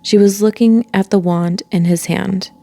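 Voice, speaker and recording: Woman storyteller, dark and mellow, slow read-aloud pace. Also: mid-range voice, creaky, no echo. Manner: calm, unhurried reading with asides. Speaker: children's book reader.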